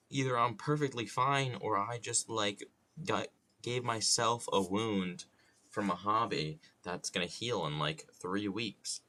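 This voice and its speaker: A man's voice: sits low, lively intonation, moderate pace, pushed and bright. A man streaming while he carves wood, chatting casually, joking and muttering to himself with some mild swearing.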